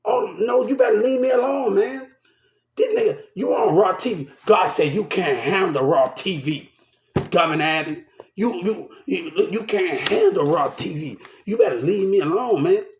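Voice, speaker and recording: A man's voice: high voice, moderate pace, roomy sound, a little hiss or hum. An upset man ranting to the camera, agitated and repeating himself, shaken and swearing. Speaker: vlogger. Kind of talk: angry rant to camera.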